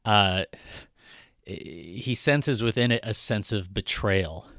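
A man's voice: on the low side, takes it slowly, a bit bright, no echo, clean studio sound. A man preaching a conversational sermon in a casual, irreverent way. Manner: casual, irreverent, with frequent fillers and restarts. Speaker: pastor.

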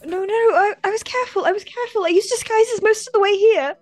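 A woman's voice: very high voice, fast talker, a little mellow, faint music behind. A woman playing at a tabletop game, speaking in character in a flustered, rambling and effusive way. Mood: defensive. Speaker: player.

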